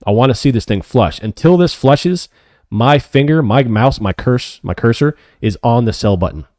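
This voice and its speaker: A man hosting a live options trading stream, calling his trades as they happen and answering chat questions, often excited. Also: mid-range voice, normal speed, no room sound, studio quality. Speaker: options trading livestream host.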